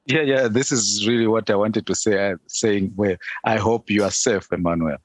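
A middle-aged man hosting a podcast interview, friendly and a little halting as he asks his questions. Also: lowish voice, steady tone. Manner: friendly, a bit halting, with fillers. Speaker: podcast host.

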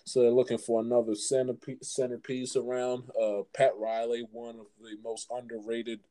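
A man's voice: mid-range voice, monotone, moderate pace, mellow. A man hosting a casual sports chat, asking his guest questions and often repeating words as he goes. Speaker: podcast host.

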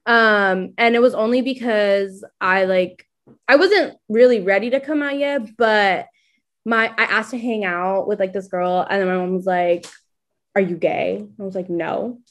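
A woman's voice: medium pitch, moderate pace. A young woman in casual chat, telling a personal story, acting out what others said and laughing often. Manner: animated storytelling, acts out quotes, laughs often. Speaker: guest sharing a coming-out story.

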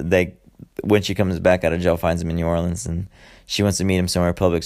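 Low gravelly man recapping a movie. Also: a little mellow. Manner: profane, rambling, heavy swearing; loose storytelling with many fillers and asides. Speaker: podcast host.

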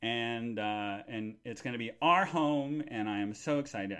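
A man hosting a live podcast, rambling with lots of fillers and restarts, excitable and bursting into joyful shouts. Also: medium pitch, moderate pace, clear, resonant tone. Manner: excitable, shouts and squeals with joy. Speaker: podcast host.

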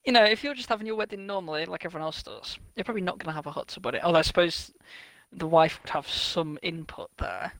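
High-voiced young man, wry. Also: fast, hardly any pauses, fairly bright tone, dry recording, poor audio. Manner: wry, joking, playfully acts out imagined people. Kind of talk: casual chat.

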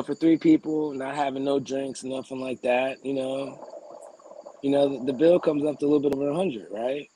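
A young adult man, a podcast co-host, telling a story in a casual, profane, animated way and acting out the people he argued with. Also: medium pitch, a little hiss or hum, poor audio. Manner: animated, profane, acts out quoted exchanges.

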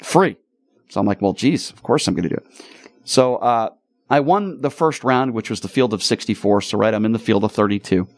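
A man hosting a radio talk show, telling stories in an animated, exasperated way. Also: on the low side, a little fast, dry recording. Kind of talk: casual storytelling chat.

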